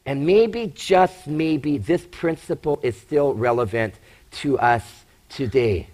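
Guy pastor preaching, pretty high voice, keeps firing rhetorical questions. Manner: emphatic, rhetorical questions, acts out doubters. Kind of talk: sermon.

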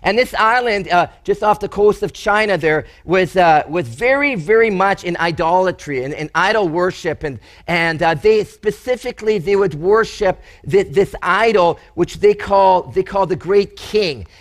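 High-voiced animated male preacher. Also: moderate pace, hardly any pauses. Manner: animated, storytelling preacher who acts out quotes. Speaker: pastor. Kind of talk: sermon.

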